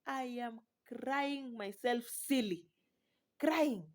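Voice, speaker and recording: A woman's voice: fairly high pitch, lively intonation, slow pace. A woman, a new mother, telling a personal story in an exclamatory, dramatic way with frequent laughter.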